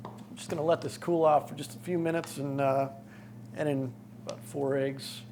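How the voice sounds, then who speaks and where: A man's voice: fairly high pitch, fairly even intonation, normal speed, a little mellow, a little hiss or hum. A man co-hosting a cooking show in a studio kitchen, describing his steps in an easygoing, plain-spoken way. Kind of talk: on-air cooking demonstration.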